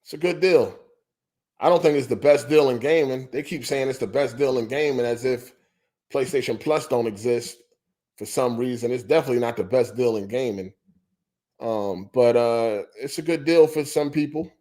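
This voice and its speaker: A man's voice: medium pitch, moderate pace, dark tone. A man hosting a gaming podcast livestream, talking on a headset in a loose, profane rant and repeating his points. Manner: profane, ranting, repeats himself. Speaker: podcast host. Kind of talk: casual livestream chat.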